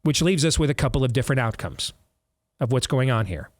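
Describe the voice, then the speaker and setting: A man's voice: mid-range voice, lively intonation, fairly quick, no echo, studio quality. A man hosting a political talk show, speaking bluntly and sarcastically, often restarting his sentences.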